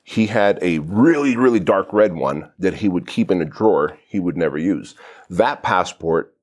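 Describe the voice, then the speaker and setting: A man in his forties, originally from Armenia, a podcast guest speaking in animated, blunt casual chat and laughing easily. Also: deep voice, moderate pace.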